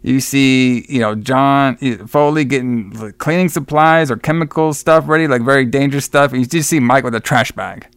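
This podcast co-host rambles through a horror film recap, repeating and restarting words as he recounts scenes. He speaks in a smooth, mid-range voice at normal speed with few pauses and no echo.

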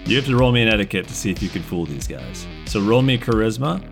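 A man's voice: on the low side, quick pace, vocal fry, soft background music. A man narrating as game master, laughing often and swearing casually as he runs the scene. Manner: lively, laughing, swearing, voices NPCs.

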